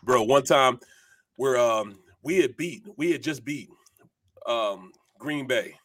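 This middle-aged ex-lineman co-hosts a sports talk program and spins animated, wandering tales crowded with fillers. His mid-range voice moves at a slow pace with a slight roughness.

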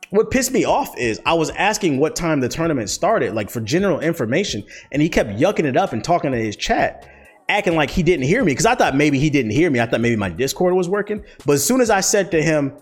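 A young male streamer answers viewer questions in a casual rant, telling heated stories bluntly and with lots of profanity. His voice is fairly high and sing-song, and he talks a little fast.

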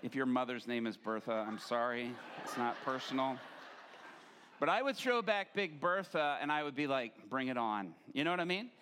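A man's voice: mid-range voice, moderate pace, noisy background. A man, a pastor, telling a humorous story in a sermon and acting out the voices of the people in it. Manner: animated, acts out quoted voices.

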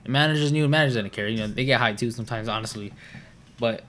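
A man guest on a podcast, talking in rambling, slangy and profane casual chat that often trails off quietly. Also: mid-range voice, fast, slight background noise.

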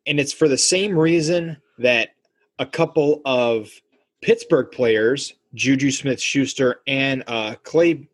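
Man, podcast co-host, husky, casual and animated sports talk. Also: medium pitch, slow pace. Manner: animated, acts out quotes in voices.

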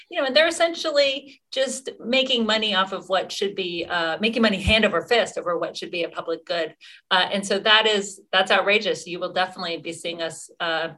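Bright-voiced woman activist in interview. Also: fairly low pitch. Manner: earnest, quick, with fillers and restarts. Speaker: activist guest. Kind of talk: interview answers.

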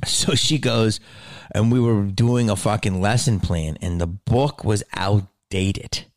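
A man's voice: lowish voice, takes it slowly, dry recording, clean studio sound. A man hosting a solo podcast, ranting in a blunt, profane way. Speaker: podcast host.

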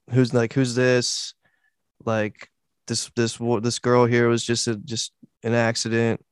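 A man's voice: medium pitch, clean tone, no echo, studio quality. A man hosting a podcast, telling a story casually and quoting what people said. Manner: casual, many fillers and restarts, quotes voices. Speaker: podcast host.

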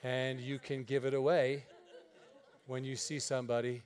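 A man's voice: mid-range voice, little pitch movement, normal speed, darkish tone, a faint crowd. A male pastor preaching a storytelling sermon to a congregation, folksy and joking, acting out the dialogue. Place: church meeting room.

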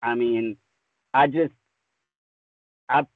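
A man's voice: mid-range voice, fairly even intonation, very slow, no room sound. A man, a voice actor guest, chatting casually and enthusiastically, often saying "man" and "dude". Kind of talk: casual podcast chat. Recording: tinny phone-like line, dry.

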